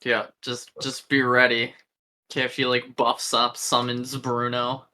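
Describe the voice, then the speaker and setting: A man's voice: mid-range voice, completely flat delivery, unhurried, pushed and bright. A man at a tabletop game table, chatting and describing what his character does. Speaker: player.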